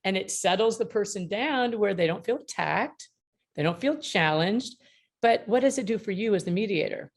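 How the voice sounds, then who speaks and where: Gravelly-voiced woman teaching with humor. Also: mid-range voice, expressive, normal speed. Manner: emphatic, humorous, acts out dialogue. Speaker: mediator and author being interviewed. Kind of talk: lively teaching talk with anecdotes. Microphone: video call.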